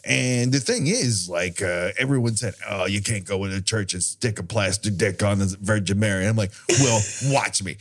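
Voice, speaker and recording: A man's voice: fairly low pitch, moderate pace, few pauses. A man voicing a cocky, boundary-pushing male demon in a seasoned old-guy voice, rambling and profane. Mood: smug. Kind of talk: improvised comedy bit.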